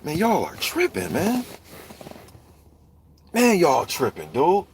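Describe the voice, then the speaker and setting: A man's voice: fairly high pitch, wildly swooping pitch, slow, slight background noise. A man ranting heatedly and profanely about boxing, talking straight to viewers in a live chat. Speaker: boxing commentator. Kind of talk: ranting live stream commentary.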